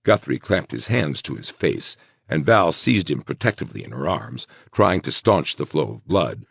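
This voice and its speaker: Very deep gravelly male narrator. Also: big pitch swings. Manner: measured, gravelly storytelling. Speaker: audiobook narrator. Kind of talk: scripted narration.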